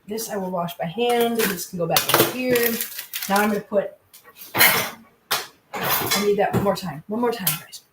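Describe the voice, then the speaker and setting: A woman's voice: mid-range voice, measured pace, pauses often, recorded from a distance, heavy background noise. A woman vlogging as she cooks dinner at home, chatting away to her viewers and her cats. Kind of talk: casual chat while cooking. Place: home kitchen. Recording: echoey kitchen from off-mic.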